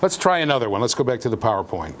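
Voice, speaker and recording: A man giving a university lecture in an animated, jokey way, with sudden loud outbursts. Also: mid-range voice, rapid-fire, slight background noise. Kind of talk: classroom lecture. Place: lecture hall.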